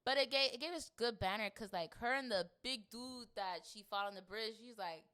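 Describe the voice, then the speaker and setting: A young woman from Florida co-hosting a podcast in casual chat, animated and acting out scenes. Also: a little high, fairly quick. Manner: animated, acts out scenes with quoted voices. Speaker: podcast co-host.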